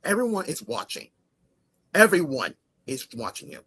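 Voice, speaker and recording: An angry man with a bright, sharp voice argues as a guest. He swears often and keeps repeating the same lines as he shouts down the other side. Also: on the high side, huge pitch swings, moderate pace, breathy edge. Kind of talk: heated argument.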